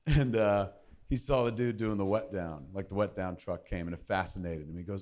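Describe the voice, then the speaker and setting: A middle-aged man telling a lively, profane behind-the-scenes story as host, laughing and acting out quotes. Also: fairly low pitch, brisk, a little hiss or hum. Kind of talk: casual anecdote, profane.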